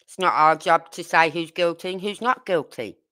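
Blunt Brummie woman, low bright voice. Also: expressive, normal speed. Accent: Brummie (Birmingham). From Birmingham, England. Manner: blunt, indignant, talks straight to viewers. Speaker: true crime channel host. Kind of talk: casual livestream chat.

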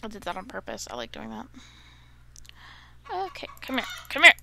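A woman's voice: a little high, big pitch swings, moderate pace, gravelly, pushed and bright, a little hiss or hum. A young woman chatting casually while playing a game at home, grumbling and easily exasperated. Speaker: gamer. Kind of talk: casual gameplay commentary.

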